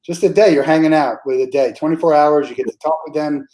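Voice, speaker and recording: A man's voice: on the high side, steady tone, quick pace, warm tone, low-quality recording. A man hosting a podcast interview, chatting casually, with frequent restarts and fillers. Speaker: podcast host.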